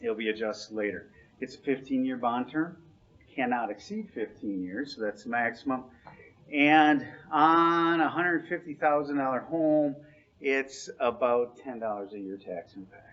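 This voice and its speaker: A man's voice: mid-range voice, a little slow, a bit bright. A man advising a board on finances, laying out the figures in a plain, matter-of-fact way. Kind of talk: briefing to a board. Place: board meeting room. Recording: dull meeting-room recording.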